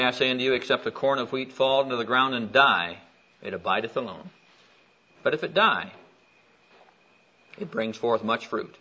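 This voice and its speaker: A man preaching a sermon with an animated, storytelling delivery, swinging widely up and down in pitch as he reads scripture aloud. His voice is bright and forceful. The recording is dull and lo-fi.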